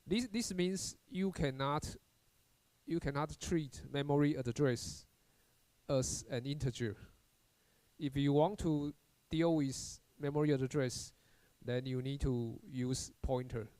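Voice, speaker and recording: A male university lecturer walks through programming code in a recorded lesson, at a middle pitch for a man. He talks haltingly, repeating words and starting over with frequent "uh"s. The recording is close and dry, with no room sound. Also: darkish tone, dry recording. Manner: halting, repeats words and restarts, many "uh" fillers.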